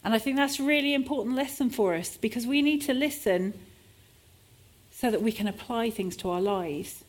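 A woman's voice: a little high, moderate pace. A woman preacher delivering a sermon at a church service, with shifting emphasis as she sometimes acts out desperate cries.

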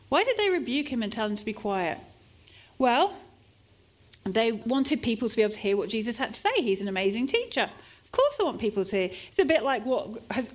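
A woman preaching a sermon in a church service, her voice a little high and swinging widely up and down. She leans into shifting emphasis and sometimes acts out desperate cries.

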